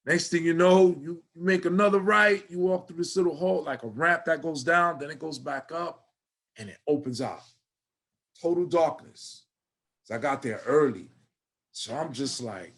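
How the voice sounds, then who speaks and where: A man's voice: medium pitch, moderate pace. A middle-aged man from New York City with a New York accent, telling stories animatedly in a casual interview and swearing freely. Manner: animated, swears freely, acts out his younger self. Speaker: guest.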